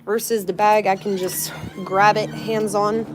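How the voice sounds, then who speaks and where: A woman's voice: mid-range voice, flat delivery, a little slow, faint music behind. A young woman chatting casually on a livestream while walking her dog outdoors, slipping into baby talk with the dog. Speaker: livestream host. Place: outdoors, walking around a residential complex.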